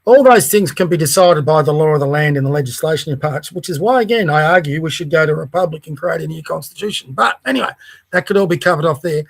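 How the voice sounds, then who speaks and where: Aussie co-host guy, high voice, rambles on with strong opinions. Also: expressive, fast talker, vocal fry. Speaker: podcast co-host. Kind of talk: casual podcast chat.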